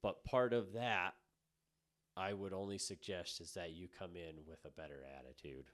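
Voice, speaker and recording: A very deep-voiced man in his thirties co-hosts a casual podcast chat. He talks bluntly and swears freely. He moves between low, quiet asides and sudden loud bursts. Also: steady tone, normal speed. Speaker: podcast co-host.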